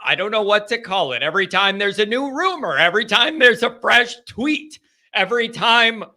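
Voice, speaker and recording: A man hosting a live sports talk show, excitable and rambling, often repeating himself. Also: high-pitched, normal speed. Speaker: sports podcast host.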